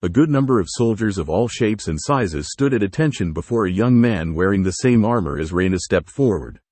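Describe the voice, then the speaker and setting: A man's voice: on the low side, lively intonation, brisk, a little mellow, dry recording. A man narrating a fan fiction story aloud, giving the dialogue varied inflections. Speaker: fanfiction reader.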